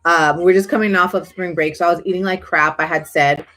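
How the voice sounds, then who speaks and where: A woman's voice: lowish voice, steady tone, a little fast, fairly bright tone. Chatty woman live-streaming, faint music. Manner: chatty, rambling with many fillers. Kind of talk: casual live-stream chat.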